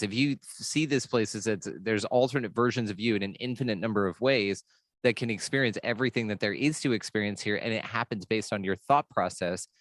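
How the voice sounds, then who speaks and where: Low-voiced American man, dry sound. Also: dry recording. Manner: rambling, earnest, peppered with swearing. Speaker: podcast host. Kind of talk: casual spiritual conversation.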